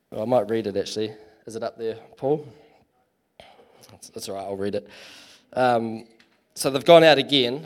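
A man giving a casual, chatty sermon in church, full of fillers and self-deprecating asides. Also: medium pitch. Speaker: preacher.

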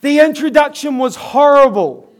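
High-voiced New Zealand preacher. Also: male voice, expressive, normal speed. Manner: earnest, chuckles at his own stories. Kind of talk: storytelling sermon.

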